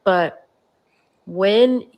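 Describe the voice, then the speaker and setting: A woman's voice: mid-range voice, drawn-out words, a little mellow. Chatty young mother telling a story. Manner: storytelling with many fillers. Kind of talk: casual chat clip.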